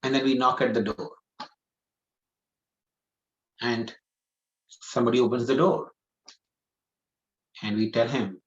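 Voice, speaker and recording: Guy preaching a scripture class, earnest, repeats stuff for emphasis, mid pitch, kinda muffled recording. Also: fairly even intonation, normal speed, long pauses. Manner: earnest, repeats phrases for emphasis, acts out pleading dialogue.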